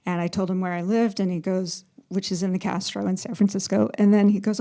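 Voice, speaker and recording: A woman's voice: mid-range voice, little pitch movement, brisk, creaky, dark tone. A woman photographer telling stories as a panel guest, chatty, laughing often and acting out quotes. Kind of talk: storytelling on a panel.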